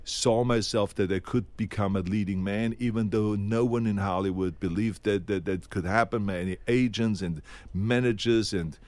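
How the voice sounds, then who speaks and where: A man's voice: lowish voice, steady tone, moderate pace, darkish tone, dry recording. A man with a foreign accent telling stories as an interview guest, animating them by acting out remembered dialogue. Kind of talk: anecdotal storytelling.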